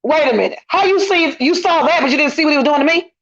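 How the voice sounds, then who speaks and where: A woman's voice: high voice, fast talker. A middle-aged woman guesting on a casual online commentary chat, talking emphatically and repeating her points as she vents. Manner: emphatic, repetitive, indignant venting. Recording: lo-fi dull audio.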